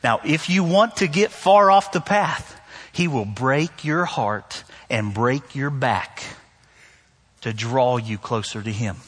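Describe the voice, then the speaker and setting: A man's voice: medium pitch, slow pace, a bit bright, husky. A man from the northern United States preaching a sermon to his church, conversational and joking, with emphatic repetition. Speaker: pastor. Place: church sanctuary. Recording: long hall reverb.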